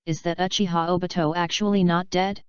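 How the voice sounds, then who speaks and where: A woman reading the part of a reserved, sleepy young woman ninja, soft and unhurried. Her voice sits fairly low and very clear, in a dry, slightly dull recording. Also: level tone, no echo, lightly acted. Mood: drowsy.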